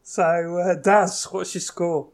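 High-voiced man hosting a quiz. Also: little pitch movement, slow pace. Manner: jokey, laughing, teasing quiz host. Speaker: host. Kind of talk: casual chat.

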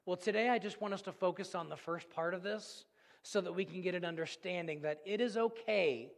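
A man preaching a sermon as pastor, earnest and storytelling, swinging between loud and hushed. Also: high voice, fairly quick, in a large hall.

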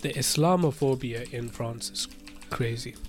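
This young British man co-hosts a podcast in a casual chat, his mid-range voice unhurried. He's slangy, laughs often, and tags his lines with "innit."

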